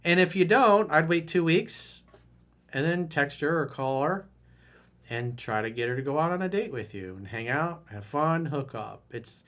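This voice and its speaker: A middle-aged man giving dating advice in a blunt, animated way. His voice sits a little higher than most men's. He now and then bursts into loud, high mimicry of the people he quotes. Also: normal speed. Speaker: dating coach. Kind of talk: video newsletter advice monologue.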